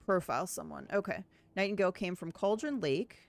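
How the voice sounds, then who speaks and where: A woman's voice: on the low side, a little fast, gravelly. A woman streaming a game playthrough, chatting casually, thinking aloud and reading on-screen text. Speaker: gameplay streamer. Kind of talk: casual let's-play commentary.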